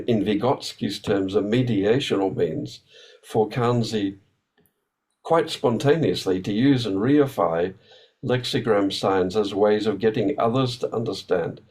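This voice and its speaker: A man with a somewhat low voice delivering an academic workshop talk. He explains ideas in a thoughtful, unhurried way, often hesitating with fillers and breaking off to restart sentences. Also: a little mellow, poor audio. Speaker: academic speaker.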